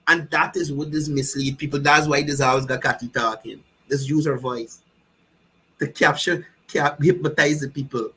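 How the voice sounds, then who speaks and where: A man's voice: on the high side, animated, moderate pace, pushed and bright, breathy edge, poor audio. A man with a Guyanese accent giving fiery, mocking political commentary. He keeps repeating himself and asking the listener if they understand.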